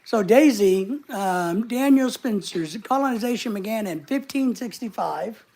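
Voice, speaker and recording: A man's voice: sits high, expressive, measured pace, darkish tone. A man hosting a casual livestream from his couch at home, joking around and reading viewer comments aloud. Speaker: livestream host. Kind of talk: casual live chat. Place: home living room couch.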